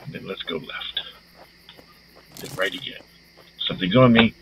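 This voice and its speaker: Gravelly, swearing horror-game player. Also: male voice, low-pitched, moderate pace, heavy background noise. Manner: swearing, jumpy, talking to himself. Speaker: gaming YouTuber. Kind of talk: let's play commentary.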